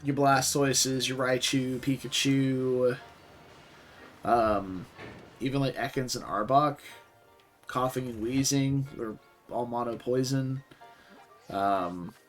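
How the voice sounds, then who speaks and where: A man's voice: medium pitch, steady tone, slow, long pauses, faint music behind. A man from the Southern US giving casual, rambling gameplay commentary with many fillers and self-corrections. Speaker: streamer playing a game.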